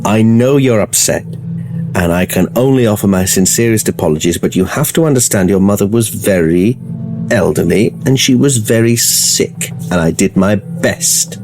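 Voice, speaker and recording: A smooth, defensive doctor played by a man talks slowly and formally in a lowish voice. His measured pleading is set against faint music. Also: lively intonation. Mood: placating. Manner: slow, placating, formal.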